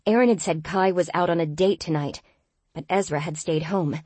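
A woman reads a first-person audiobook with tense expressiveness at a moderate pace. Her low, husky voice is recorded close in a dead-dry studio.

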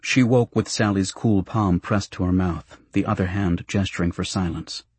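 A man reading a novel aloud as an audiobook narrator, in a measured, even, understated way. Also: low voice, husky, no echo.

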